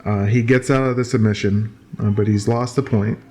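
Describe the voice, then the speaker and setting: A man's voice: on the low side, fairly even intonation, moderate pace, darkish tone. A man giving casual, joking commentary while watching old fight footage, with lots of fillers and restarts.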